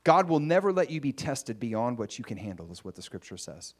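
Animated, conversational male preacher. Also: medium pitch, fairly quick. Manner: conversational storytelling, acts out scenes. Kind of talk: sermon.

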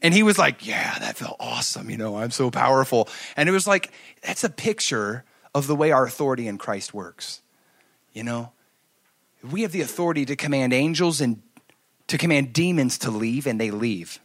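A middle-aged man preaching a sermon, telling stories and swinging from loud to hushed. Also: mid-range voice, lively intonation, normal speed. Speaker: pastor.

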